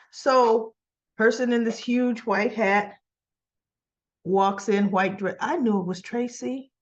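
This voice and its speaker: A woman with a fairly high voice talks slowly through a soap opera recap. She is chatty and keeps checking in with her listeners. The recording sounds a little dull and lo-fi. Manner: chatty, often asks "right?" and acts out quoted lines. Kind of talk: casual episode recap.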